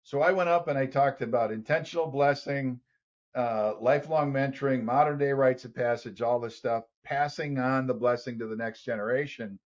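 A man telling a lively story as a podcast guest, acting out other people's voices. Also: medium pitch, moderate pace. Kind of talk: storytelling in an interview. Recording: dull lo-fi sound.

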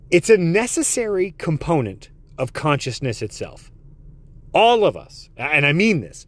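A man hosting a podcast, rambling through a profane, excitable comedic monologue. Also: on the high side, dry recording. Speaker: podcast host.

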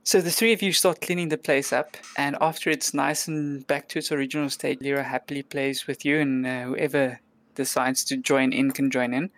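A woman's voice: very deep voice, fairly even intonation, normal speed. A woman narrating a tabletop role-play game as game master, describing the scene in a chatty, descriptive way with frequent fillers.

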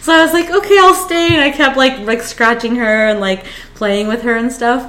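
A woman in casual chat, telling animated stories, laughing often and swearing freely. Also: on the high side, normal speed. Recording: echoey room, faint noise.

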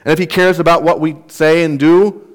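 This pastor speaks on the high side at normal speed with fairly even intonation. His expository sermon is earnest and emphatic, explaining what words mean and posing rhetorical questions to the audience.

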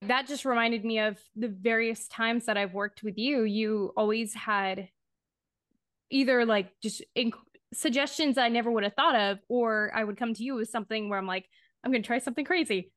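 A woman hosting an interview, chatting in an excited way. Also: fairly high pitch, moderate pace, dry recording, clean studio sound. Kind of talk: casual interview chat.

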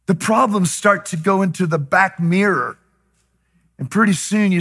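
A male pastor preaches with a high, bright, forceful voice. He swings between quiet, drawn-out lines and loud, shouted bursts. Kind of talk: sermon.

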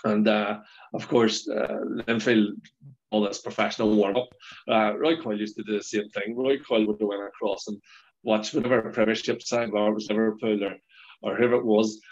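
A man's voice: on the low side, steady tone, a little fast. A middle-aged Northern Irish man, a former footballer, telling rambling stories with frequent laughs and restarts in casual chat. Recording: dull lo-fi sound.

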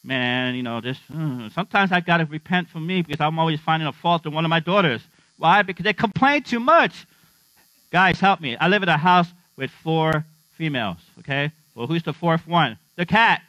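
Slightly high-pitched and a touch fast, this middle-aged man's bright, forceful voice fills a church sermon, where he jokes, chats and keeps quizzing the congregation. The sound is dry, dull and a little lo-fi, carrying mains hum but no room ambience.

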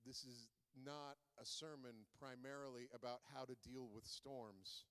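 A man's voice: medium pitch, steady tone, a little slow, fairly bright tone, clear, resonant tone. A man preaching a sermon in a conversational way, asking the listeners many rhetorical questions. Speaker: pastor. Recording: long reverb of a large hall.

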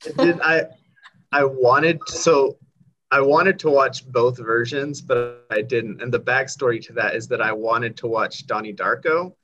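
A man's voice: medium pitch, steady tone, measured pace, pushed and bright. A man on a casual film podcast, sharing his opinion hesitantly with lots of fillers. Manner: hesitant, rambling, many fillers. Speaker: podcast co-host. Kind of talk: casual chat. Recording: dull lo-fi mic.

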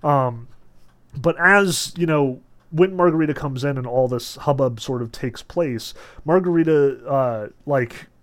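A man's voice: medium pitch, unhurried. A man giving a casual lecture on a novel, talking in a chatty way with many filler words and restarts, and leaning on his key points with emphasis. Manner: emphatic when stressing points. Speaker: literature lecturer. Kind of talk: casual lecture on a novel, reading passages aloud.

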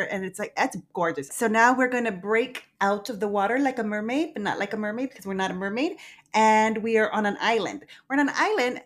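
A woman's voice: mid-range voice, fairly bright tone. A woman co-hosting a podcast, recapping a movie in casual, profane chat with frequent giggling. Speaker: podcast co-host.

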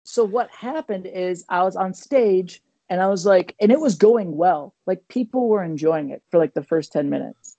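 A man co-hosting a casual podcast, telling a rambling, animated story full of fillers and restarts. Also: high voice, normal speed, creaky, few pauses, no room sound, dull audio. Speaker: comedian and podcast co-host.

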